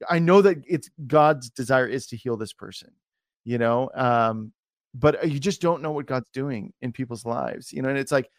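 A man's voice: mid-range voice, gravelly, no room sound, clean studio sound. A man hosting a podcast interview, chatting casually and saying dude and like a lot. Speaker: podcast host.

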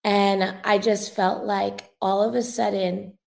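Young woman minister telling her story, kinda gravelly voice, earnest and emotional, chatty interview. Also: medium pitch, level tone, slow, darkish tone. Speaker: guest, revivalist minister. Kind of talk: conversational testimony in a podcast interview.

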